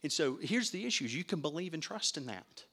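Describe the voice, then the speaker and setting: The pastor's voice is a little high, very animated and slightly rough, pushed and bright, at a somewhat fast pace. He preaches conversationally in an interactive teaching style, quizzing his listeners and repeating words as each sentence gets going.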